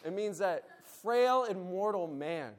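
A man's voice: high-pitched, expressive, slow pace. A man speaking at a conference meeting, giving a Bible lesson and leading the audience in call and response. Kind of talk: Bible lesson with group exercise.

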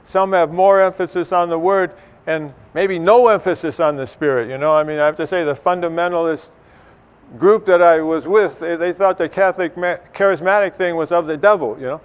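Middle-aged male church speaker, clear resonant tone, slightly high, chatty, rambling delivery. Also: a little fast. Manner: conversational, many fillers and restarts. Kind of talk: informal church teaching.

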